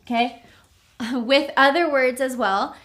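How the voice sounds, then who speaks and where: A woman teaching a recorded language lesson, drilling words slowly and checking in with "okay?". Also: high voice, a bit bright. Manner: slow, clear drilling of words with frequent "okay?". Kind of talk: recorded lecture.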